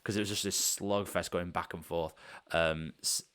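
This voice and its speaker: A man's voice: low-pitched, steady tone, moderate pace, a bit bright, smooth. A man narrating as game master in a rambling, loose way with many fillers.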